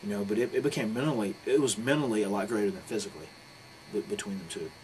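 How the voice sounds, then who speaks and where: A man recounts a story in a candid interview, blunt and profane, rambling from one detail to the next. He talks quickly in a lowish voice. Steady background noise sits under the recording. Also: rough recording. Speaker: interview guest, pro wrestler.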